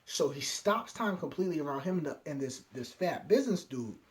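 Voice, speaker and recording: A young man casually recapping an anime episode scene by scene, acting out each character's lines in quick quoted bits. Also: fairly high pitch, lively intonation. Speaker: anime reviewer.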